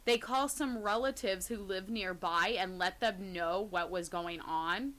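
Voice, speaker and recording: A woman co-hosting a podcast and chatting her way through creepy stories with a bright, forward tone. She now and then drops into a hushed voice for the scary parts and laughs easily. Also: mid-range voice, unhurried. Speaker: podcast co-host. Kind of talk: casual storytelling chat.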